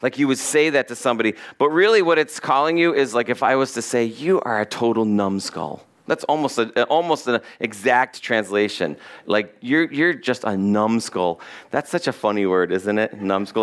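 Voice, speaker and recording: A man's voice: medium pitch, a little fast, hardly any pauses, fairly bright tone, smooth. Man, pastor, sermon, chatty and joking, reads scripture aloud.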